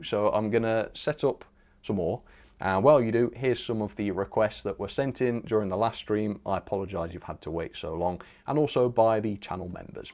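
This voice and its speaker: A man with a slightly low voice runs a casual live stream chat, rambling loosely as he reads viewer comments aloud and chuckles along. His talk is relaxed and off the cuff.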